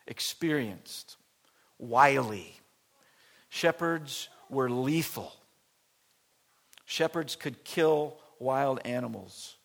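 A man preaching a sermon in church, emphatic, with dramatic swings from loud declarations to hushed near-whispers. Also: lowish voice, creaky, husky. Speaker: pastor.

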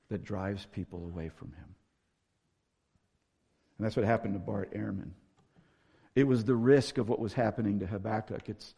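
Gravelly, husky-voiced male preacher. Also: fairly low pitch, darkish tone, big-room sound. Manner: earnest, rising to emphatic when reading scripture. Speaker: pastor. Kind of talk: sermon.

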